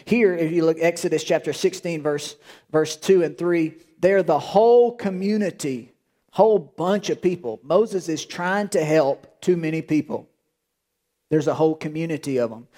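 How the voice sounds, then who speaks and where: A man's voice: a little high, moderate pace, mellow. A male pastor preaching a sermon in an emphatic, repetitive way, often restarting his phrases.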